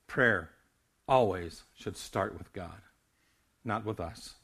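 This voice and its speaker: A man's voice: low voice, takes it slowly, a bit bright, husky. Older man preaching with stammered restarts. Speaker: pastor. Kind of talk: sermon.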